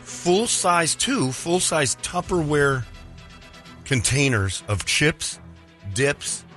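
A man chatting on a talk show in a lively, swooping voice. His tone is bright and forceful as he tells a story, and soft music plays behind him. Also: very slow. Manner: animated, acts out other people's lines in pitched voices. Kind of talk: casual storytelling chat.

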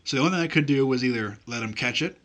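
Bright-voiced man in sports banter. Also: medium pitch, very fast. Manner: animated, stammers and repeats words when cutting in. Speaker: podcast co-host.

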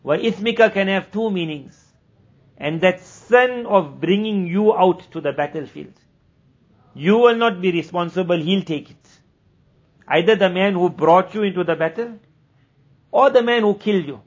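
Man, religious teacher, conversational sermon, slightly high voice, muffled lo-fi sound. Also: animated. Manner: conversational, acts out quoted dialogue; recites Arabic scripture passages rapidly. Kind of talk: sermon at a weekly gathering. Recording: dull lo-fi recording.

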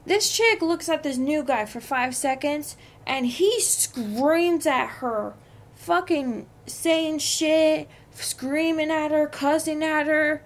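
A young woman talks through workplace drama on her podcast, swearing freely as she vents. Her voice sits high. She takes her time, drawing words out slowly. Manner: profane, venting, heated. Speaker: podcast host. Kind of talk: casual storytelling monologue.

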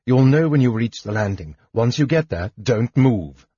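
A man's voice: medium pitch, animated, normal speed, mellow, slightly rough, dry recording. A man playing Steel, a curt, impatient knight. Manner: curt, commanding. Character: impatient, determined young male knight. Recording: dull lo-fi recording.

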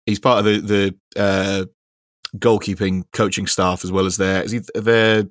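A man's voice: lowish voice, flat delivery, a little slow, no room sound, studio quality. A young man co-hosting a casual football podcast, rambling and laughing often, with casual swearing. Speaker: podcast co-host.

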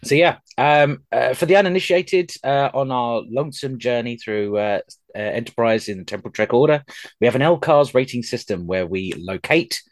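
A man's voice: mid-range voice, normal speed, no room sound. A young man chats loosely as a podcast host, circling his points with ums and false starts. His voice sits in a middle range and the recording is close and dry, with no room around it. He pokes fun at himself as he goes. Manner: rambling, self-deprecating, many ums and restarts. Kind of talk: casual podcast chat.

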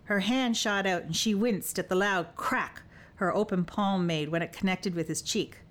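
A woman's voice: mid-range voice, normal speed, fairly bright tone. Woman narrating a romantic fantasy audiobook.

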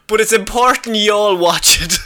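Irish male co-host, bright forceful voice, chatty and laughing, leads the talk. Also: high-pitched, unhurried. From Ireland. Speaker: podcast co-host. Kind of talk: casual chat.

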